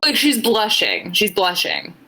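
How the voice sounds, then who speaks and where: A woman's voice: mid-range voice, huge pitch swings, unhurried, a crowd in the background. A tipsy woman co-hosting a podcast, chatting casually and rambling with lots of "like". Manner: rambling, uses "like" a lot. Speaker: podcast co-host. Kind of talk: casual chat.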